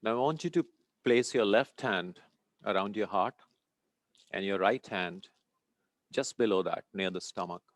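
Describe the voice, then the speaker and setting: A man leading a group in a meditation and chanting lesson, speaking calmly, giving steps and checking in often with "okay?". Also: lowish voice, measured pace, pauses often, no room sound. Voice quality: sweating, a little warm. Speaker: meditation teacher. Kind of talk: guided breathing and chanting lesson.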